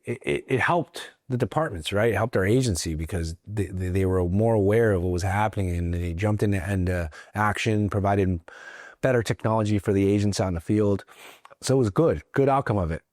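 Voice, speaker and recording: A man from Mexico, a veteran guest in an interview, telling a personal story earnestly, with halting restarts and acted-out quotes. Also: fairly low pitch, a little mellow, no echo, studio quality. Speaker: guest, veteran and federal agent.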